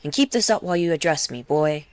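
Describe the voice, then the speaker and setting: A woman voicing a huge, gruff male soldier who grumbles and barks orders. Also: fairly high pitch, animated, fast talker, dry recording, lightly acted.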